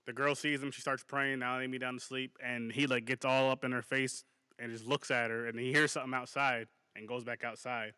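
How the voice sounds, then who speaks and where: A man co-hosting a casual movie podcast, talking excitably with lots of swearing and restarts. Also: medium pitch, fairly quick, clean tone, dry recording, studio quality. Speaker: podcast co-host.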